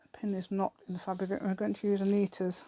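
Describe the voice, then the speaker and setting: A woman's voice: medium pitch, little pitch movement, fast, warm tone. A British woman hosting a craft channel, chatting through a crafting demonstration and rambling to herself with giggly asides.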